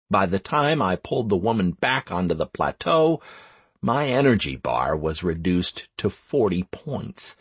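A man narrating a first-person fantasy game audiobook in a measured, deliberate way. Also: medium pitch, breathy edge, dry recording.

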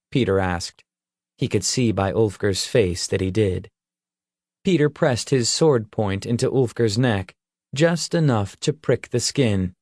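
A male narrator reading a fantasy audiobook in a steady, measured way. His pace is slow and unhurried. The recording is dry and close, with no room sound. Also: on the low side, no room sound.

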